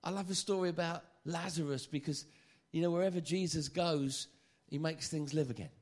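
A man preaching a sermon, lively and joking, often stammering and repeating phrases. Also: a little high, normal speed.

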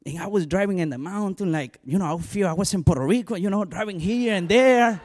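With Spanish as his first language and a heavy accent, a male pastor tells his personal testimony animatedly, filled with "you know" asides. He speaks in a high register at a fairly quick pace.

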